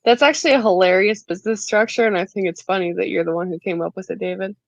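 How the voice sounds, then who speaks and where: A woman's voice: mid-range voice, fast talker, creaky, no room sound. A woman joining a live chat as a guest over a call, teasing with light sarcasm. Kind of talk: casual chat. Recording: dull lo-fi call audio.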